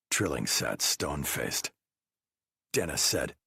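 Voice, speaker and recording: A man narrating an audiobook thriller in a measured, first-person storytelling manner with a husky voice. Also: low voice, sing-song, no room sound, clean studio sound.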